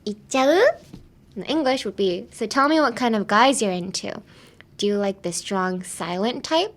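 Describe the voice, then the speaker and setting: A woman's voice: medium pitch, animated, normal speed. Giggly chatty young woman host. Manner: giggly, chatty, lots of "like" and laughter. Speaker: podcast host teaching English. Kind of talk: casual chat and pronunciation lesson.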